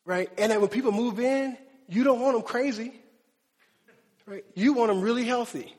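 A high-pitched male pastor delivers a sermon in a conversational, animated manner. He keeps asking his listeners "right?" and acts out the voices of the people in his stories. His voice carries a long reverb, as if it were recorded in a church hall. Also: normal speed, slightly rough. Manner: conversational, checks in with "right?" often; animated storytelling with acted-out quotes.

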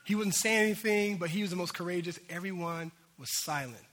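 A man preaching a sermon as a pastor, telling a story in an animated way that swings between loud bursts and hushed moments. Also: high-pitched, fairly quick. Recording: hall reverb.

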